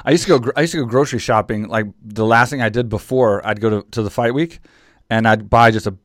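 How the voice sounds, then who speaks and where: A man's voice: fairly low pitch, fast, no room sound, studio quality. A man hosting a podcast, asking questions in a chatty way and often repeating words as he goes. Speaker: podcast host. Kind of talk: casual interview with ad read.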